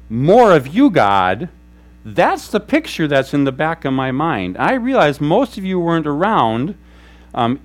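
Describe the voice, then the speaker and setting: A man preaching a sermon as a pastor, telling stories in an animated way and acting out quoted voices. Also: on the high side. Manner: animated storytelling, acts out quotes. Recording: faint mains hum.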